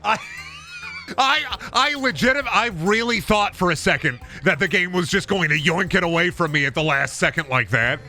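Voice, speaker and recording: A man's voice: a little high, brisk, hardly any pauses, bright, forceful tone, soft background music. A young man commentating a video game, ranting and swearing in mock frustration. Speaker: streamer. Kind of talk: gameplay commentary.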